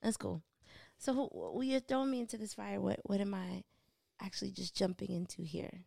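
A playful woman guest on a casual podcast, chatting with easy laughs and self-deprecating humor. She comes from New Jersey. Her voice has a gravelly, fry-laden edge, recorded close and dry with no room sound. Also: mid-range voice, big pitch swings, brisk, mellow, no echo.

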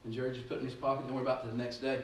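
A man preaching a sermon, rambling through anecdotes and then rising to loud exhortation. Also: medium pitch, completely flat delivery, rapid-fire. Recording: echoey room, distant mic, faint noise.

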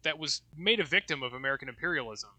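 Bright-voiced casual male co-host. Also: fairly high pitch, expressive, fast. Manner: loose and rambling, with restarts and swearing. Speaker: podcast co-host. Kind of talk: casual discussion of poetry.

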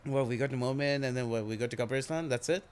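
A man's voice: mid-range voice, fast, a little mellow, clean tone. A young man in casual talk, laid-back and reflective, calling his friend "dude" and backing him up. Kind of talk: casual conversation.

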